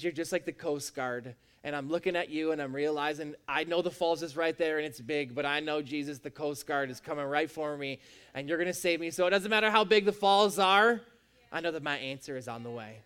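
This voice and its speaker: A man's voice: on the high side, fairly bright tone, smooth. A man preaching a sermon as a pastor, with an emphatic, repetitive cadence.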